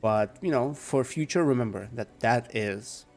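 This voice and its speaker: A young man with a calm, soft-spoken manner chatting casually with viewers while playing a game at home. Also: medium pitch, measured pace, soft background music. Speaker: gaming streamer. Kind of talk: casual live game commentary. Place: home room.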